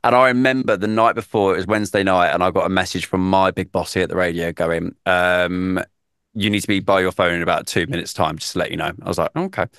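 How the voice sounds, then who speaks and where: Animated man telling a story. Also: low voice, quick pace, smooth, dry recording, clean studio sound. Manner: animated storyteller, acts out quotes. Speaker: radio presenter, podcast guest. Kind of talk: casual chat, storytelling.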